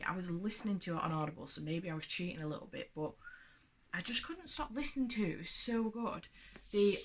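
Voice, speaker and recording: Chatty rambling woman, slightly low voice. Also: a bit bright. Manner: rambling and chatty, lots of "like" and restarts. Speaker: book vlogger. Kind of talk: casual monthly book wrap-up chat.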